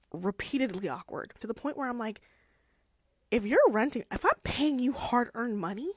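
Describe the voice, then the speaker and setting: A young woman vlogger chatting casually about a classic novel, playful and animated, slipping into quick character voices. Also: mid-range voice, no room sound. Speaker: book vlogger. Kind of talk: casual chat.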